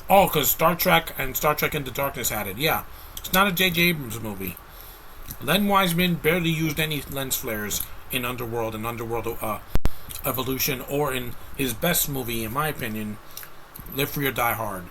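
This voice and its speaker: A man's voice: mid-range voice, moderate pace, sharp tone, slight background noise, rough recording. A man giving a casual, rambling movie review rant, blunt and exasperated, with frequent restarts.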